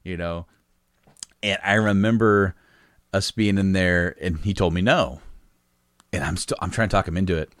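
A man in his thirties telling childhood stories in casual chat, laughing often and putting on high voices for quotes. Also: moderate pace, pauses often, no room sound, clean studio sound. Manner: animated, laughs often, jumps into high squeaky voices when quoting himself.

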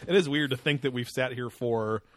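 A man's voice: medium pitch, fairly quick, no echo. A man co-hosting a podcast, talking in loose, crude banter full of fillers and frequent laughs. His voice sits in the middle range for a man. It is recorded close and dry, with no room sound. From West Coast of the US. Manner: laughs often, rambling with many fillers. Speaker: podcast co-host. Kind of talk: casual crude chat.

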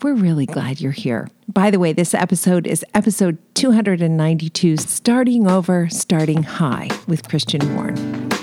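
A woman's voice: fairly low pitch, lively intonation, normal speed, music in the background. A woman hosting a podcast, giving an upbeat, effusive scripted intro. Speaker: podcast host.

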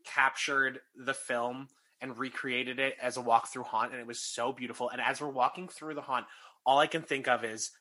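Excitable host, husky bright voice, storytelling in a casual chat. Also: medium pitch, moderate pace. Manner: excitable storyteller, many fillers. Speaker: podcast host.

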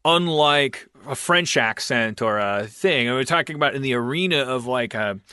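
Male podcast host, bright and dry, rambling thinker with restarts. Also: mid-range voice, animated, normal speed, clear, resonant tone, no echo. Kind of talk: casual conversation.

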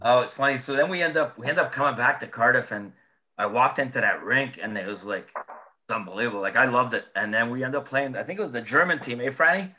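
A man, a former hockey player, telling animated, profane anecdotes in a casual chat, laughing as he goes. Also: medium pitch, quick pace.

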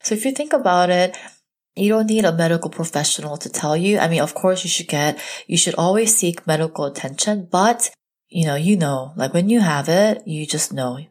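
A young woman with a low voice talks straight to her viewers like a friend, open and confiding. Her speech is loose and chatty, packed with "like" and "you know" as she tells her own story. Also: lively intonation, moderate pace, a little mellow. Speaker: mom vlogger. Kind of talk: personal storytime to camera.

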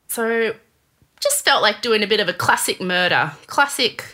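A woman casually telling a true crime story to her co-host, chatty and animated, with lots of fillers. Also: medium pitch, normal speed.

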